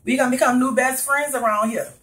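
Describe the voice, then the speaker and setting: In a casual cooking video, a woman with a New Orleans accent walks through a recipe in her home kitchen, chatting straight to her viewers. Her high voice is steady, quick and fairly bright, though the audio is poor.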